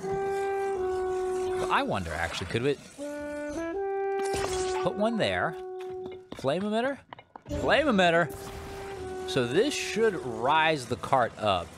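A man hosting a let's play, giving chatty, animated commentary with joking asides while he plays. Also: fairly high pitch, slow, long pauses. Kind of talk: video game commentary. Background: game music.

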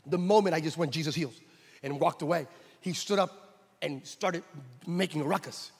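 A male pastor preaching a sermon on a church stage, telling a story and building to shouted exhortation. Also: fairly high pitch, moderate pace, vocal fry, slightly rough. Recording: hall reverb.

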